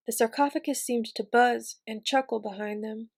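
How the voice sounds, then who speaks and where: A woman reading a fantasy novel aloud in an even, measured narration. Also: fairly high pitch, vocal fry. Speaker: reader. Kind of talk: audiobook reading.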